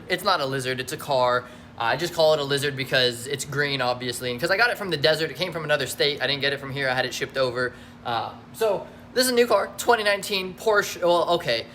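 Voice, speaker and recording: A man's voice: high voice, sharp tone. A man in his twenties hosting a casual home vlog, rambling and joking as he drifts off on tangents. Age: 20s. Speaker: vlogger host. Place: at home near his garage.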